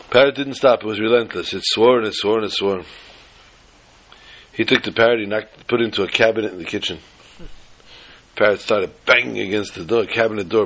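A man teaching an informal Torah class, telling jokes and stories with lively jumps in pitch for emphasis. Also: a little fast. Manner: animated storyteller who jumps to high pitch for emphasis.

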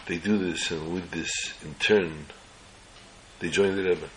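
A man telling an inspirational religious story slowly, in short measured phrases. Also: low voice, steady tone, a little hiss or hum, rough recording.

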